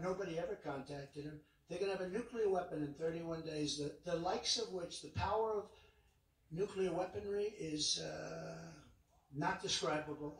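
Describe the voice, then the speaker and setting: A man's voice: sits high, a bit bright. A man speaking as a political candidate at a campaign rally, emphatic and repetitive, with rambling asides. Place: large indoor arena. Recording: echoey arena, distant mic.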